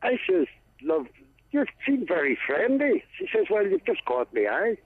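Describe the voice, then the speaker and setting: Northern Irish caller on a tinny phone line. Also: male voice, high voice, breathy edge. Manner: halting, deadpan storytelling. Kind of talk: telling a joke.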